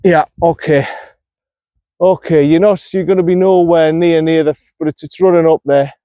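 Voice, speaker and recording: This man's voice is a little high and warm, steady in tone and moderately paced, with no echo. Vlogging an outdoor golf round, the North East England golfer gives on-course commentary, talking himself through each shot and getting frustrated and self-critical over his play.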